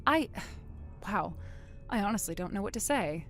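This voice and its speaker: A wronged older sister, as voiced by a woman, speaks low and quietly, with a cold, controlled calm. Her pitch still shifts expressively under the restraint. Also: measured pace, faint music behind.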